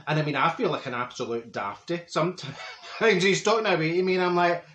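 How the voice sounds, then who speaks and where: This lightly acted monologue comes through lo-fi audio from an echoey room, with slight background noise. A man with a fairly high, slightly bright voice speaks briskly in a Glaswegian accent, playing a chatty, no-nonsense middle-aged Glasgow woman who rambles through gossip to camera and mixes up big words.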